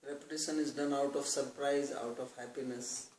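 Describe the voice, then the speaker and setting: A man's voice: medium pitch, fairly even intonation, a little mellow, a little hiss or hum. Man giving a scripture talk in a roomy hall. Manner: explains with everyday examples, chants verses slowly. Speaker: lecturer on scripture. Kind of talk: devotional scripture class. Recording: roomy, distant mic, faint ambience.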